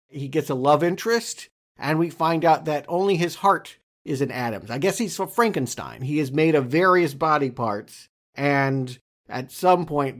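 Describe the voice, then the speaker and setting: A man co-hosting a casual film podcast, talking through a movie in an analytical, measured way. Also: fairly high pitch. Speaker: podcast co-host.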